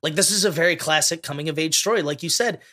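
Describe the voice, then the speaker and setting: A man's voice: on the high side, fast talker, sharp tone. A man co-hosting a podcast, gushing emotionally about a movie in casual talk. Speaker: podcast co-host.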